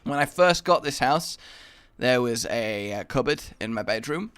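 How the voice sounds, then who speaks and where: A man's voice: mid-range voice, animated, unhurried, a bit bright, clear, resonant tone, no echo. A young man giving rambling, self-mocking commentary while playing a video game. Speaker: gaming YouTuber. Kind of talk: Let's Play commentary.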